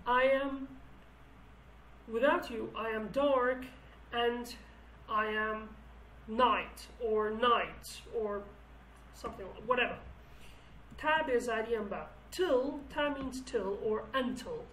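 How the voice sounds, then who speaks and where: A woman with Kurdish as her first language teaches the words of a song in English, pausing to search for words and often starting sentences over. Her voice sits fairly high. The room is echoey, with a faint hiss behind her. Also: fairly bright tone, distant mic. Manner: thinks aloud, restarts phrases, searches for English words. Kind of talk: explaining song lyrics.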